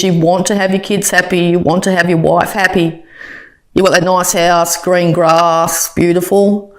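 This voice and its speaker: A woman giving a casual tarot reading, chatty and full of fillers and restarts. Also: fairly low pitch. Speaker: tarot reader.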